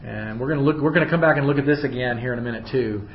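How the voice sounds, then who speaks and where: A man leading a Bible study who reads scripture aloud and then explains it in loose, chatty asides. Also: very fast. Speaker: Bible teacher. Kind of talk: conversational Bible study teaching. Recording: roomy, dull recording with faint rumble.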